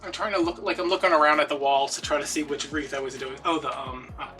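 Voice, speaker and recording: A man's voice: fairly high pitch, fairly even intonation, quick pace. Chatty man talking from a distance. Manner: rambling, chatty storytelling with many fillers. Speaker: DIY wreath-making host. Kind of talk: casual chatty vlog while crafting. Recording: distant mic with background music.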